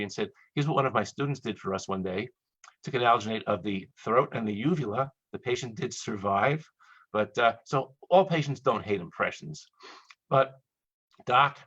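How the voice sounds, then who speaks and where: Fast-talking husky man lecturing by webinar. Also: fairly low pitch, fairly bright tone, no room sound. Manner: fast, chatty, joking asides, acts out quoted voices. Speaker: dentist lecturer. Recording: dull, dry lo-fi webinar audio.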